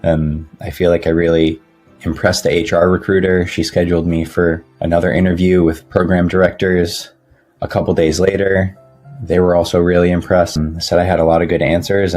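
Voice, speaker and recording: Guy with a really low flat voice doing a sincere video testimonial, faint music under it. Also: normal speed. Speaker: former client giving a testimonial.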